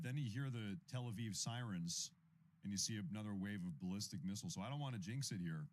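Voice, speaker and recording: A man's voice: lowish voice, animated, fast talker. A man in his thirties hosting a casual news livestream, rambling and often repeating himself as he reacts to clips and thanks viewers for super chats. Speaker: independent news livestream host.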